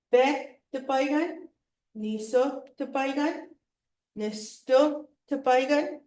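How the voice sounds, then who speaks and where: A woman teaches a class, drilling each word with long deliberate pauses. Her voice is slightly high and rings in an echoey classroom. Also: darkish tone. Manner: drills words slowly with pauses. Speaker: language instructor.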